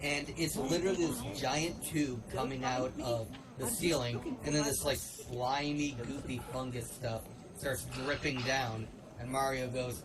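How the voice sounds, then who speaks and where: A man's voice: mid-range voice, fairly even intonation, measured pace, few pauses, distant mic, background noise. A man co-hosting a let's play stream, chatting casually and telling stories with laughs and mimicked voices. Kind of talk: casual chat over gameplay.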